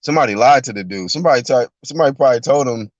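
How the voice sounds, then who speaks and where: A man ranting on a live reaction stream, mocking and animated, sometimes breaking into shouted impressions, in a car. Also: medium pitch, rapid-fire, dry recording. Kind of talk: profane live reaction rant. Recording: dull lo-fi dry recording.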